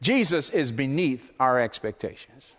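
Impassioned pastor preaching in a hall. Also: male voice, mid-range voice, very animated, a little slow. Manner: impassioned, repetitive, rising to near shouts. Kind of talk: sermon.

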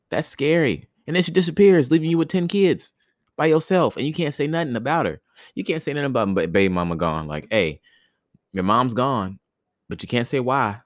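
On his podcast, a man reads a ghost story aloud, stumbling and restarting often, then retells it with jokey slang and commentary in a casual storybook style. His mid-range voice is recorded dry, at studio quality.

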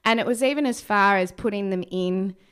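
A woman's voice: mid-range voice, brisk, a bit bright, clean tone. A young woman co-hosting breakfast radio, chatting casually as she explains a news story.

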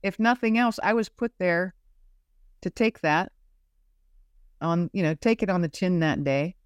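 A woman's voice: fairly low pitch, clear, resonant tone, dry recording, clean studio sound. A woman guest telling personal faith stories in an earnest, searching way, often repeating herself as she looks for the right words. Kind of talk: faith-centered personal storytelling.

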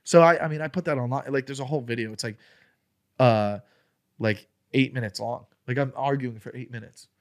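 Profane, animated male comedian. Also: medium pitch, brisk. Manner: profane, animated, acts out quotes in raised voice. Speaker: stand-up comedian, podcast guest. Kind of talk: casual storytelling chat.

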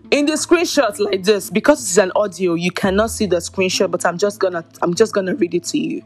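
A woman's voice: mid-range voice, a little fast, hardly any pauses, soft background music. A woman hosting a podcast, giving exasperated, incredulous commentary on online drama and talking straight to her listeners. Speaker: podcast host. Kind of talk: commentary on social media drama.

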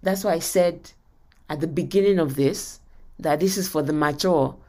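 A woman's voice: deep voice, normal speed, warm tone. Earnest lady podcast host teaching, keeps asking okay?. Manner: earnest, often checking in with "okay?". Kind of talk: spoken teaching talk.

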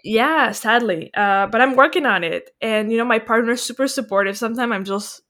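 A woman's voice: a little high, normal speed, a bit bright. A woman hosting a casual podcast chat, affirming her guest and chatty, with playful asides. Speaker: podcast host, coach.

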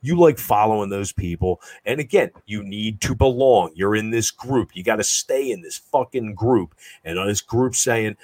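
A man in casual chat, swearing often and ranting with lots of fillers, his voice husky and close to the mic. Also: fairly low pitch, expressive, normal speed, few pauses, darkish tone, no room sound.

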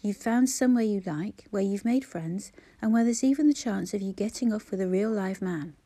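A man's voice: high-pitched, moderate pace, warm tone. A woman reading aloud voices a plain-spoken, practical man who reasons in a matter-of-fact way.

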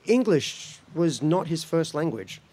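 A man from Australia giving a personal spoken-word talk at a gathering, reflective and slow, breaking into laughter between phrases. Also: on the high side, big pitch swings, dark tone. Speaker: speaker at a gathering.

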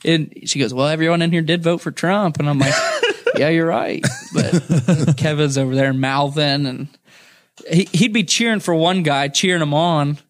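A man's voice: fairly high pitch, moderate pace. Laughing young man telling a rowdy story. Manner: laughing often, profane, animated. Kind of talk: casual storytelling.

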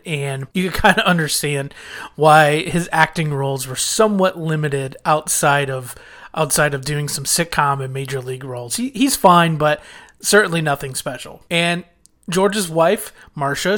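A man talks through a sitcom episode in a relaxed, conversational recap. His voice sits a little higher than most men's. He retells scenes and quotes the characters as he goes. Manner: chatty, retelling scenes with quoted lines and small restarts. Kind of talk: casual recap commentary.

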